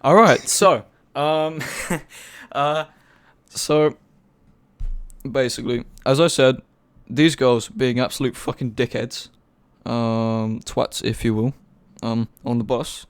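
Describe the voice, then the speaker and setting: A teenage lad with an English accent tells a long story to his podcast mates, stopping often for fillers. His voice is smooth and clear, sitting in the middle for pitch. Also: steady tone, slow pace. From England. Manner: rambling with many fillers, swears a lot. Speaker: podcast co-host. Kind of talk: casual chat, storytelling.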